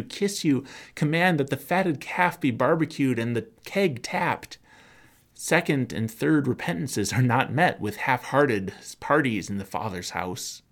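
A male pastor delivering a sermon, telling a story in dramatic, rhythmic phrases that often drop to a hush. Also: mid-range voice. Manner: dramatic, rhythmic storytelling with soft hushed passages.

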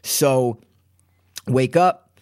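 A man's voice: medium pitch, very slow, clear, resonant tone, no room sound, clean studio sound. Young man telling a rambling story. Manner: rambling, animated storytelling with many quoted asides. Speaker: podcast guest. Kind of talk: casual recovery story.

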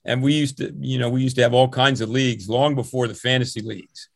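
An older man with a gravelly, creaky voice, recorded dry and close, tells long stories as a veteran coach. He rambles warmly from anecdote to anecdote, with plenty of restarts and small chuckles. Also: medium pitch, fairly even intonation, quick pace, dry recording. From New Jersey, USA. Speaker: swim coach. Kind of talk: relaxed interview storytelling.

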